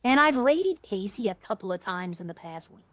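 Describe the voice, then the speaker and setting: A woman's voice: mid-range voice, big pitch swings, moderate pace, no echo. Chatty woman streamer, dry close sound. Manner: rambling, thinks aloud with fillers. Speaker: game streamer. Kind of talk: casual gameplay chat to viewers.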